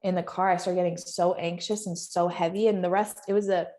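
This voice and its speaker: A woman's voice: on the low side, level tone, fairly quick, dark tone. A woman guest on a podcast, sharing a personal story earnestly and emotionally, often laughing as she talks.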